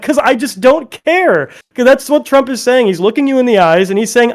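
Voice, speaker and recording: A man's voice: extremely high pitch, lively intonation, brisk, hardly any pauses. A man on a political panel, speaking bluntly and heatedly with frequent profanity.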